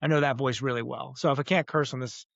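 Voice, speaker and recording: A man speaking as a podcast guest, talking earnestly and reflectively with frequent pauses and vivid comparisons. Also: mid-range voice, steady tone, gravelly, fairly bright tone, dry recording, lo-fi sound. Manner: earnest, uses metaphors, many "uh" pauses. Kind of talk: reflective interview talk.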